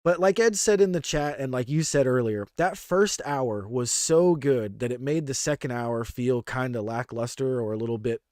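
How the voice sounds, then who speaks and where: A man co-hosting a podcast, giving an excited, slangy play-by-play recap in casual chat. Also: medium pitch, normal speed, hardly any pauses, no room sound, studio quality. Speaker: podcast co-host. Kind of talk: casual wrestling review chat.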